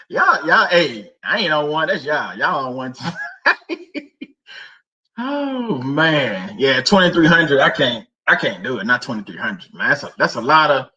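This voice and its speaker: Bright, high-voiced man joking with viewers. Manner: laughing, joking, slangy and repetitive. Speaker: host of a faith livestream. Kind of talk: casual livestream chat to viewers. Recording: somewhat distant mic.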